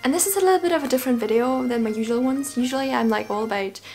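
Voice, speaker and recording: A woman's voice: sits high, very fast, darkish tone. A young woman from Germany with a German accent, chatting casually in a vlog, laughing often and acting out what people said. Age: young adult. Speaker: vlogger.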